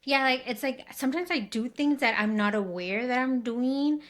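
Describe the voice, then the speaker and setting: A woman's voice: high-pitched, normal speed, a bit bright. Woman host. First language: Spanish. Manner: chatty, many fillers like "like" and "um". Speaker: podcast host. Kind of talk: casual interview chat.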